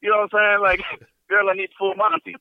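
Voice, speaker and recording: Man, 50s, podcast host, animated crude storyteller, dry lo-fi sound. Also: sits high, brisk, dry recording. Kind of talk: casual storytelling chat.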